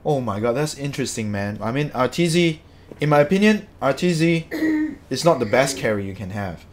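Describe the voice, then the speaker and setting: A man's voice: mid-range voice, big pitch swings, moderate pace. Angry swearing man ranting. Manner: angry, swearing, repeats himself. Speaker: streamer. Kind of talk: ranting game commentary to chat.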